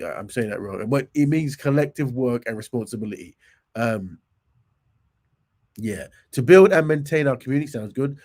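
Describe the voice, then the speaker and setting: A man with a cold and a hoarse voice, hosting a live stream in casual chat, reading out points and muttering asides that trail off. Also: mid-range voice, darkish tone. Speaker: livestream host.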